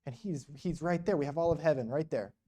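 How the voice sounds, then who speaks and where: A man's voice: on the high side, a little fast, dark tone. A man preaching in a church, telling stories in a conversational way, full of rhetorical questions and "you know.". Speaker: guest speaker at a church. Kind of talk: storytelling sermon.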